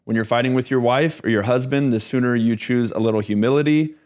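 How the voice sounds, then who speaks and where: A man's voice: mid-range voice, steady tone, fast, a little mellow. A man hosting a podcast, giving earnest, motivational commentary in repeated, sermon-like phrases. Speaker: podcast host.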